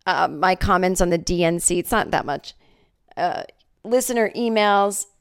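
A woman's voice: fairly low pitch, lively intonation, normal speed, smooth. A woman in her forties hosting a solo comedy podcast, chatting and telling a made-up story with lots of acted-out voices. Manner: chatty, jokey, acts out voices in her stories. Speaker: podcast host.

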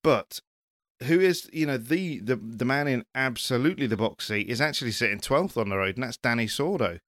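A man's voice: medium pitch, lively intonation, a little fast, a bit bright, no room sound. A man co-hosting a casual rally chat, rambling and joking, often correcting himself mid-sentence. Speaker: podcast co-host.

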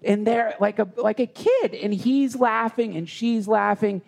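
A man telling a personal story in conversation, earnest and halting with many restarts. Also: sits high, vocal fry, darkish tone. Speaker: guest.

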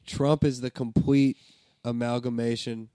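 A man co-hosting a casual podcast chat, chiming in with quick remarks on a studio microphone. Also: mid-range voice, level tone, warm tone, dry recording. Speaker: podcast co-host.

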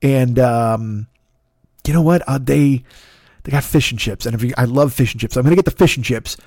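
A man hosting a podcast, telling a long, animated, profane story in a casual way and acting out the back-and-forth dialogue. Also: mid-range voice, moderate pace, no room sound, studio quality. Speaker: podcast host.

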